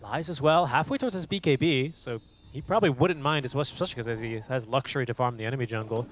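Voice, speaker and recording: A man casting an esports match with quick, excitable play-by-play commentary. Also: mid-range voice. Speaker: esports caster.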